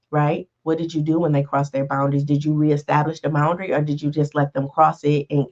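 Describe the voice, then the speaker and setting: Her voice sits low with a darkish tone, and the recording has its highs cut off. She's a life coach hosting a podcast, giving a conversational motivational monologue peppered with "right?" and "all right" check-ins.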